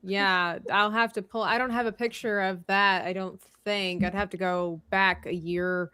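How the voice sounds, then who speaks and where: Woman, mid pitch, upbeat teasing chatter, dry call mic. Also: fairly even intonation, normal speed, bright, forceful tone, smooth, no echo. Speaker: live art stream participant. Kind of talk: casual chat.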